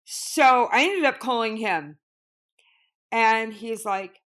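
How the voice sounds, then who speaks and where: An actress, appearing as an interview guest, tells an upsetting personal story, agitated and swearing, with many fillers. Her voice is fairly high, expressive, and a bit bright, and she takes it slowly.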